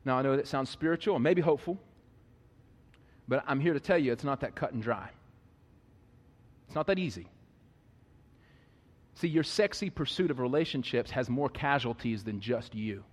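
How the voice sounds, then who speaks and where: A man preaching a sermon, animated, jumping from loud, high-pitched bursts to low, quiet asides. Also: moderate pace, long pauses. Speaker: pastor. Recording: long reverb of a large hall.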